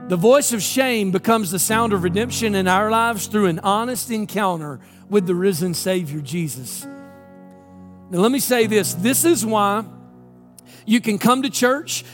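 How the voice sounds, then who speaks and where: A male pastor with a high voice delivers an impassioned, emphatic sermon. He keeps throwing rhetorical questions at the congregation, and soft music plays faintly underneath.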